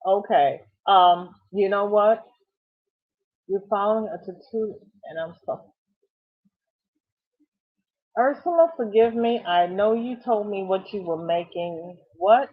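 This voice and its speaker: A woman's voice: medium pitch, slow, pauses often. A middle-aged woman hosting a crochet livestream, chatting casually and exclaiming as she reads viewers' comments aloud. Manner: chatty, exclaiming, warm fussing over viewers. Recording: thin phone-like sound.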